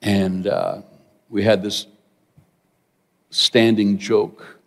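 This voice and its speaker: A middle-aged man preaching a sermon, telling a personal story with animated asides to the congregation. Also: lowish voice, drawn-out words, vocal fry. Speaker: pastor. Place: large church hall. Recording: long hall reverb.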